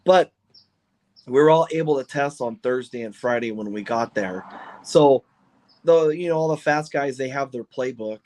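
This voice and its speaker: A man who owns and drives a funny car, telling stories in an excited, rambling way with lots of restarts on a podcast. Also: mid-range voice, moderate pace. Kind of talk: podcast interview, casual storytelling.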